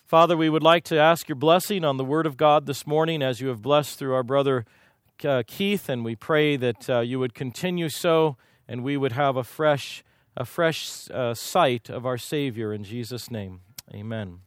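A man's voice: medium pitch, a little slow, no echo, clean studio sound. A man from Kansas preaching a sermon, telling folksy, humorous stories from his own life. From Kansas, USA. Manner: folksy, humorous, lively anecdotes. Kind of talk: sermon with personal storytelling.

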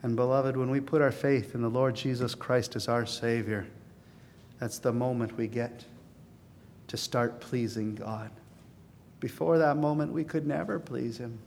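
An earnest male pastor preaching from the pulpit, his voice rising to emphatic peaks before settling back low and confiding. His middle-pitched voice carries a long reverb through a large hall, with a faint low rumble underneath. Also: fairly even intonation, unhurried, gravelly. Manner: earnest, building to emphatic peaks then dropping soft. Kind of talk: sermon.

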